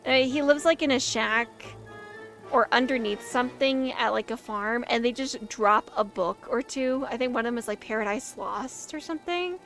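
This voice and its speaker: A young woman casually chatting while reacting to a silent film, rambling excitedly and filling her talk with "like". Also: on the high side, normal speed, soft background music. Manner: rambling and excitable, heavy use of "like".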